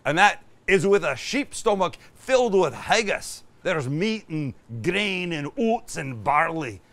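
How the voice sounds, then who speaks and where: A man's voice: sits high, big pitch swings, slow, fairly bright tone, voice pushed up, exaggerated voice. A man putting on a proud, boastful Scottish character.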